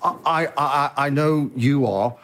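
A man's voice: fairly high pitch, unhurried, background noise, close to an everyday voice. An actor playing an awkward, glitchy male tech billionaire who stammers and makes goofy jokes in a comedy sketch.

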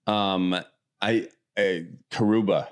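A man from the American Midwest answering rapid questions in an easygoing, rambling way. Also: low-pitched, steady tone, smooth. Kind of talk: casual chat.

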